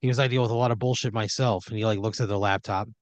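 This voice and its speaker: A man's voice: fairly low pitch, fairly even intonation, very fast, no room sound. A man hosting a comedy podcast, improvising a story in the second person, with lots of fillers, and sometimes dropping into quoted voices. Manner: rambling, many fillers, jumps into quoted voices.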